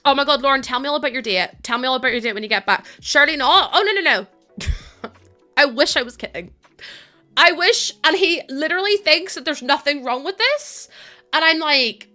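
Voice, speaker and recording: Bright-voiced chatty woman streamer. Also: sits high, expressive, fairly quick, soft background music. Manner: chatty, laughs often, reads out and thanks chat. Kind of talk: casual live-stream chat.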